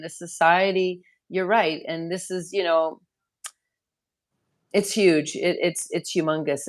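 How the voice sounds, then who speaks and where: A woman who directs a wellness center, talking earnestly in an interview, often repeating words as she rambles through a thought. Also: sits low. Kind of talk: conversational interview.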